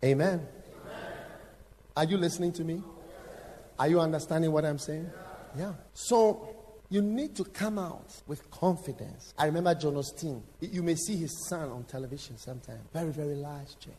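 Animated preacher man in a reverberant hall. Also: fairly high pitch, brisk. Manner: animated storytelling with sudden shouts and acted quotes; engaging the audience with direct questions. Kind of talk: sermon. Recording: long hall reverb, faint background noise.

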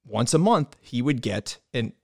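A man hosting a casual interview, telling a prank story in a relaxed, joking way with some swearing. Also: medium pitch, measured pace, vocal fry, no echo, clean studio sound. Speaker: podcast host. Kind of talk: casual chat.

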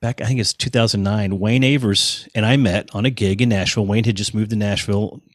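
A man in his fifties, a guest musician in a casual interview, telling animated anecdotes and acting out what people said. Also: lowish voice, fairly quick, no room sound, clean studio sound. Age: 50s. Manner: animated anecdotes, acts out quoted voices. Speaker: guest musician, touring bassist.

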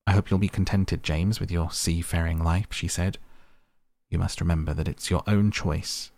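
A man's voice: sits low, steady tone, moderate pace, a little mellow, dry recording, studio quality. A man reading the part of a vain middle-aged mother and faded actress, fussy and affected. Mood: complaining.

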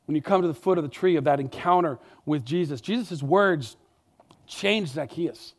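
Brief: male preacher with a high-pitched voice, animated and emphatic, talking to the congregation in a chatty way. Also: normal speed. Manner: animated, emphatic, conversational asides. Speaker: pastor. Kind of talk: sermon.

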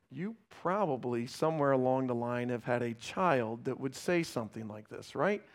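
A man preaching a sermon, reading scripture and acting out complaining voices, then dropping to quiet emphasis. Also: high-pitched. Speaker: pastor.

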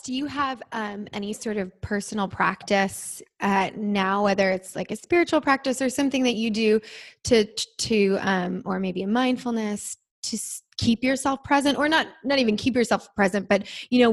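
A woman co-hosting an interview asks her question hesitantly, pausing to search for the right words. Her voice sits at an ordinary mid pitch.

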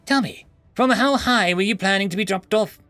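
A man voicing a deadpan, overly literal male alien captain with a nasal, formal way of speaking. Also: sits high, normal speed, soft background music, pitched above the performer's own voice. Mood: literal, polite.

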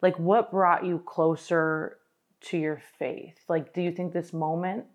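A woman's voice: fairly low pitch, flat delivery, a little slow. A woman hosting a podcast interview, asking questions and affirming her guest. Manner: supportive, affirming. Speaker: podcast host. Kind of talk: casual interview.

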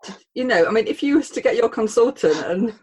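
A woman's voice: a little high, animated, quick pace, a little mellow, slightly rough, low-quality recording. A woman hosting an interview, encouraging her guest with frequent affirmations. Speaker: podcast host.

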